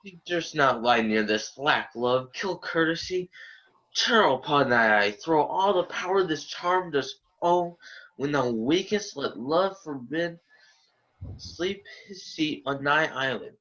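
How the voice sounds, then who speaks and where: A man's voice: a little high, expressive, a bit bright. Puck, a young man playing a sly fairy servant. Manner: slow, deliberate verse speaking. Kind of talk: amateur student Shakespeare performance. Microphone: video call. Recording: dull lo-fi online audio.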